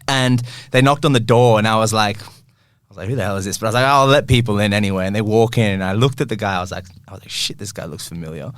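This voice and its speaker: A man's voice: fairly low pitch, fast talker, no room sound, clean studio sound. A young man, a football kit store owner, telling a long story in casual chat, laughing and acting out his own reactions.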